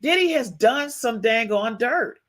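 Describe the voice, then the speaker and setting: Woman host on a livestream, slow drawn-out talk, keeps repeating herself to the chat. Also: a little high, expressive, fairly bright tone. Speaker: podcast host. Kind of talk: livestream gossip commentary.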